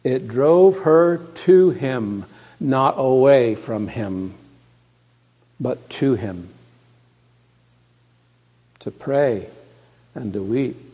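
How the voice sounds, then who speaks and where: A male pastor preaching a sermon, moving from hushed, quiet passages to loud, emphatic ones and repeating key words. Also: medium pitch, extremely slow, pauses often, husky. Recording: long reverb of a large hall.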